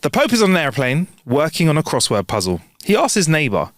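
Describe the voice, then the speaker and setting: A man's voice: mid-range voice, huge pitch swings, a little fast, few pauses, dry recording, studio quality. A man co-hosting a podcast, reading jokes and trading playful banter. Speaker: podcast co-host. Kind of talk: casual joke-telling chat.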